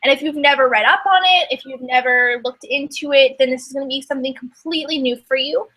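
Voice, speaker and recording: A network marketing coach, a young woman with a high, bright voice, talks fast in a casual motivational talk to her team. She's emphatic and voices her inner thoughts in quoted asides, though the audio is poor.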